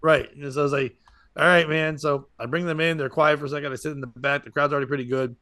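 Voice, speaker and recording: A man tells a comedy podcast story, rambling from one aside to the next and jumping into other people's lines. His voice sits a little high for a man and comes across bright and forceful. The sound is dry, with no room echo. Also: fairly even intonation, fast.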